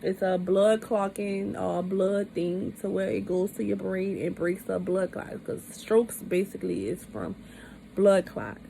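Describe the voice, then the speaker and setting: A woman's voice: mid-range voice, a little slow, vocal fry, dark tone, slight background noise, rough recording. A woman vlogger retelling a personal experience in a candid, emphatic way, often repeating herself for stress. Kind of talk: personal storytime vlog.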